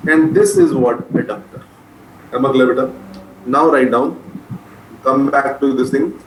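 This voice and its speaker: A man with an Indian English accent teaching medical students, dictating notes slowly and repeating each point, often calling them beta. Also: mid-range voice, wildly swooping pitch. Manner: repetitive, addresses listeners as beta. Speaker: medical lecturer. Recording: echoey room with faint noise.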